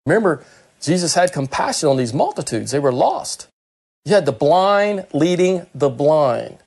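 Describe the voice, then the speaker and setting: A man delivers a sermon, working through a scripture passage and explaining it in his own words. His voice sits a little high for a man. He drags out the quoted lines slowly, then quickens and rises in pitch when he acts out the characters. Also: sing-song, gravelly, darkish tone. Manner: slows right down for quoted words, speeds up and climbs in pitch when acting out Peter. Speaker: preacher. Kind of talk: sermon reading scripture with commentary.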